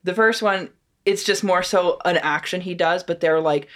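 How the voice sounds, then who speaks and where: A woman's voice: lowish voice, normal speed. Laughing young woman, casual podcast chat. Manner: animated, laughing, swearing, acting out scenes. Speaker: podcast co-host.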